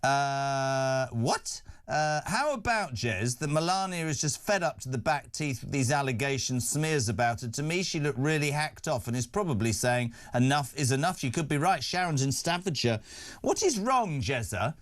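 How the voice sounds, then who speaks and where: A man's voice: medium pitch, expressive, normal speed. An English man hosting a breakfast radio phone-in from a studio, chatty and teasing as he reads out listener texts. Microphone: studio microphone.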